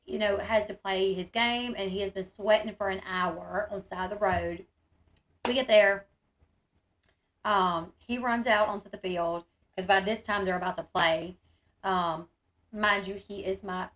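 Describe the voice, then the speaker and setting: A woman's voice: mid-range voice, a bit bright. Chatty woman telling a story. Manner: chatty, rambling, many fillers and quoted speech. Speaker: vlogger telling a family story. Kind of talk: casual storytelling to viewers.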